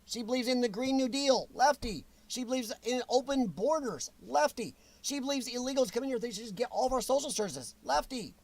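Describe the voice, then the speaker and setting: A man hosting an opinionated livestream, talking bluntly and reacting to viewer comments in a ranting manner. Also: high-pitched. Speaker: show host reading chat.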